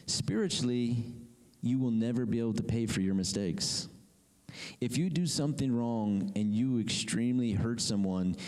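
A man preaching a sermon to a congregation, animated and full of questions to the room. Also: fairly low pitch, big-room sound. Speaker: pastor.

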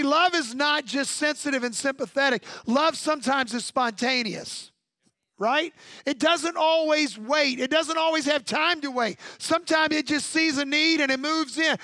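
A man's voice: extremely high pitch, pushed and bright, no room sound. A male pastor preaching a sermon in punchy repeated phrases, drawing call-and-response from the congregation.

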